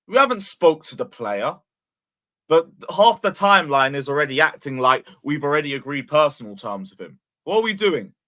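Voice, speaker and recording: A man's voice: a little high, bright, forceful tone. A man hosting a football fan channel, ranting in an exasperated, sarcastic way and swearing often. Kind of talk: casual fan vlog rant.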